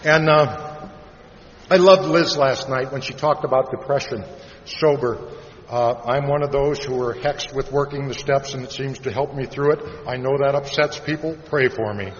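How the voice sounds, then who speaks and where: A man from Iowa giving a plain-spoken personal recovery talk to a live audience, turning soft and slow on the heavy parts. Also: medium pitch. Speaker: recovery meeting speaker. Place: large convention hall. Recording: dull, reverberant hall recording with faint hiss.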